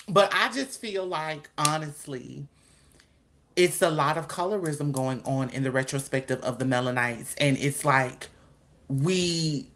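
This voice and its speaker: A woman taking part in a casual group discussion, speaking emphatically in a folksy way. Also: low-pitched. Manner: emphatic, folksy, addresses others as honey and girl. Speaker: discussion panelist.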